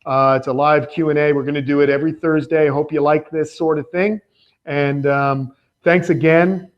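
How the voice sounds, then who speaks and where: A man's voice: on the high side, steady tone, moderate pace, dull audio. A man hosting a live question-and-answer stream, laid-back and casual, calling viewers dude and man. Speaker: host.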